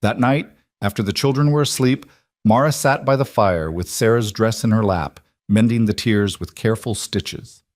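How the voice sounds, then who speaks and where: Male narrator, scripted story, low, measured, dry. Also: darkish tone, no echo.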